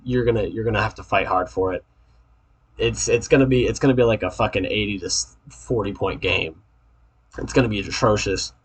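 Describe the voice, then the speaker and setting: A man's voice: fairly low pitch, breathy edge, rough recording. A young man giving casual, profane, trash-talking fantasy football rankings to his league mates, rambling with restarts.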